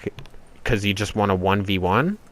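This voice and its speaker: A man's voice: on the low side, moderate pace, noisy background. A young man hosting a gaming channel, lecturing in an exasperated, profane rant over his gameplay. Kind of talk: ranting gameplay commentary. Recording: loud gunfire from game audio behind voice. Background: gunfire, explosions and vehicles from the game.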